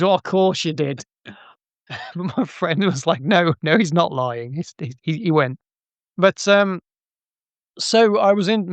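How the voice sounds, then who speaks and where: A man's voice: a little high, smooth, no room sound, lo-fi sound. Chatty man telling stories. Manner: chatty, anecdotal, frequent restarts and laughs. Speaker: interview guest, game artist. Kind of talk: casual interview storytelling.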